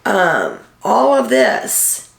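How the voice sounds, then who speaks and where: A woman's voice: fairly high pitch, huge pitch swings, drawn-out words, gravelly. A woman recapping a reality TV episode in casual, chatty storytelling, with an occasional "um" as she relays quotes. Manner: chatty storytelling, reads out quotes with filler ums. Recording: echoey room.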